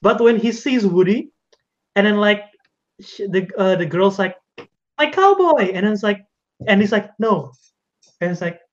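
An animated man with an Indonesian accent hosting a casual podcast chat, laughing and swearing as he tells a story. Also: high voice, moderate pace. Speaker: podcast host. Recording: dull lo-fi sound.

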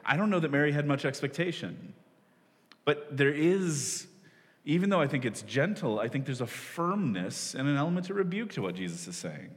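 A man's voice: a little high, animated, normal speed. A man in his forties, a pastor preaching a sermon in a loose, conversational way, often laughing at himself. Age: 40s. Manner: conversational, self-deprecating, with frequent laughs and restarts. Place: church hall. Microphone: stage microphone. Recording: long reverb of a large hall.

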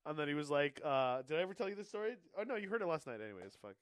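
A male comedian with a fairly high voice that swings wide as he spins a story. He keeps dropping into loud put-on characters mid-sentence. The sound is dry and close, with no room around it. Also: very animated, rapid-fire, no room sound. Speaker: stand-up comedian. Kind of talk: casual podcast chat between comedians.

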